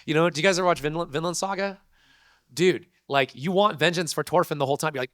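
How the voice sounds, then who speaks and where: A man, a convention panel guest, telling a story to an audience in an animated, laughing way full of slang. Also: mid-range voice, fast, dry recording, clean studio sound.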